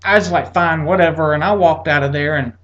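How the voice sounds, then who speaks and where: A man's voice: a little fast, fairly bright tone, dull audio. A veteran man casually telling a personal story, exasperated, acting out what people said to him. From Atlanta area, United States. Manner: exasperated, acts out quotes with rising pitch.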